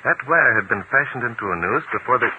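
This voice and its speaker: An actor playing a suave gentleman detective in a 1940s radio drama, cool and polished in manner. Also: medium pitch, lively intonation, quick pace, slight background noise, close to an everyday voice. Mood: calm. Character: suave tall gentleman detective, adult man. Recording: tinny old 1940s radio broadcast.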